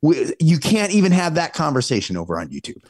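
A man co-hosting a live-streamed talk show, opinionated and casual, his pitch jumping up when he gets worked up. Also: wildly swooping pitch, fast talker, dry recording, studio quality. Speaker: podcast co-host.

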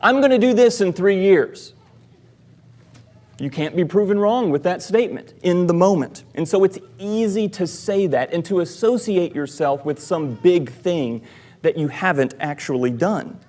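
A man, a church elder, preaching a sermon in a measured, deliberate way, giving quoted lines with emphasis. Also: high voice, dark tone. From American South.

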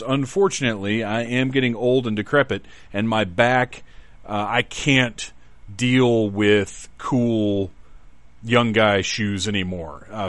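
Low-voiced rambling Southern man. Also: fairly bright tone, no echo. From Southern United States. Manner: rambling, self-deprecating, chatty. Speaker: podcast host. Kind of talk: casual storytelling monologue.

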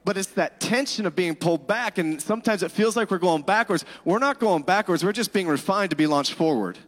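A middle-aged man preaches with a slightly high voice, talking to his congregation in a loose, conversational way and tossing out asides. His words ring with the long reverb of a large hall. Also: lively intonation, fairly quick. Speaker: pastor. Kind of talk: sermon.

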